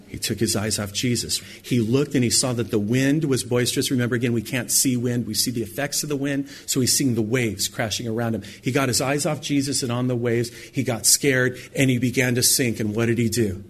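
A middle-aged man preaching a sermon, acting out quoted lines with sudden high, loud bursts. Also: fairly even intonation, a little fast. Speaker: pastor.

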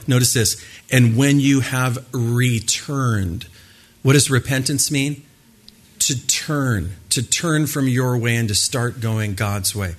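A man's voice: mid-range voice, slow. A man, a pastor, preaching a sermon, asking his listeners questions and stressing points with emphasis. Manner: asks the audience questions, emphatic.

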